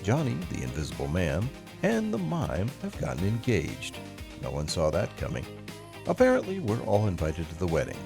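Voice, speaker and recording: Young male game show host, wildly swooping pitch, gravelly edges. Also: wildly swooping pitch, normal speed, over music. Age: young adult. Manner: showy, swooping announcer delivery. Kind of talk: comedy game show hosting.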